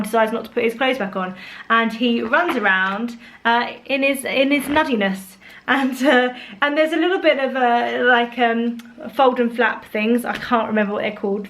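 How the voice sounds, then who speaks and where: A young woman chatting casually about her favourite bedtime picture books, animated, with playful put-on voices. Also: a little high. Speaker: vlogger reviewing children's books. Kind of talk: casual chat.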